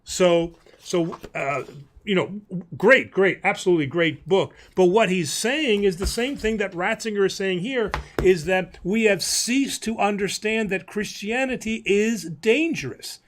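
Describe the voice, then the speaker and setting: Priest host for a live Q&A, slightly high voice, animated and preachy, wry humor. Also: male voice, a little slow. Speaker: priest host answering viewer questions. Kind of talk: live-stream Q&A chat.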